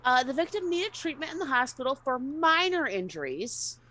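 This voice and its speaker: Give me a woman reading quirky news items aloud for a casual chat show. Her voice is sharp and forceful, pitched a little high. She stumbles and corrects herself as she reads. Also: big pitch swings, moderate pace, no room sound, rough recording. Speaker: co-host reading news stories.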